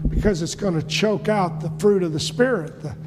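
A man preaching a sermon with passion, often rising into shouted bursts. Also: sits high, normal speed, big-room sound, loud music behind the voice.

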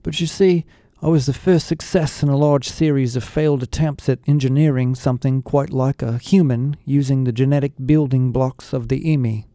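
A man's voice: medium pitch, fairly even intonation, moderate pace, warm tone, no echo, clean studio sound, close to an everyday voice. A man voicing a cool, cheerful half-alien rock star scientist with a British accent, in an audiobook. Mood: breezy. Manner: cheerful, languid, genteel. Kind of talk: audiobook character voice.

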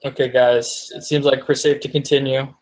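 A man playing a tabletop game, halting and repeating his words. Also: mid-range voice, level tone, a little hiss or hum, rough recording. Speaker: player. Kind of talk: casual tabletop play.

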